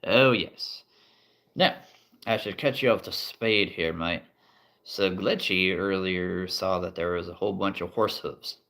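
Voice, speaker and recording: A man running a tabletop role-play game as game master, playful and quick to chuckle as he addresses his players. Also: sits low, a bit bright.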